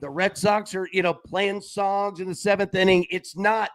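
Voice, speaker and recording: A man's voice: high voice, normal speed. A man hosting a live sports betting show, rambling and laughing in casual chat. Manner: rambling, animated, laughs often.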